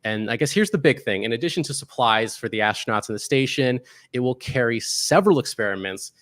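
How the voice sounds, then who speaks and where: A man's voice: medium pitch, expressive, a little fast, fairly bright tone, no room sound. Dry-sounding man hosting a science chat. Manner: hesitant, many fillers, reads out article text. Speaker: podcast host. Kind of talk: casual science news chat.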